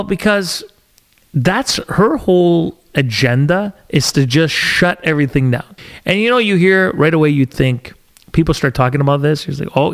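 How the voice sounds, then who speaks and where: A man hosting a podcast from a studio, delivering an agitated, sarcastic opinion monologue. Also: fairly high pitch. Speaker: podcast host.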